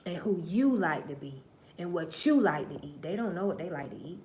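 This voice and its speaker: In this casual livestream monologue, the female host addresses viewers directly while telling a story that's both preachy and profane. She alternates quiet murmuring with loud, forceful bursts, in an animated voice at normal speed over a slight hiss or hum.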